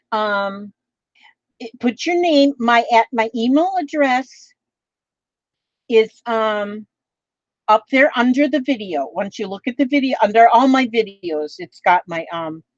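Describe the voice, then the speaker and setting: A woman's voice: fairly high pitch, no room sound, muffled recording. A woman talking casually as a craft vlogger, rambling along with many fillers and restarts. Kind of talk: casual chat.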